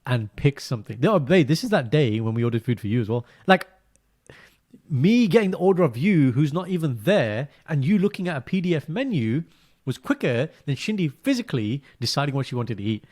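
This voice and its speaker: A man, co-hosting a podcast in casual chat, telling stories with animation that often drops to a quiet, low-key delivery. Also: very animated, brisk. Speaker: podcast co-host.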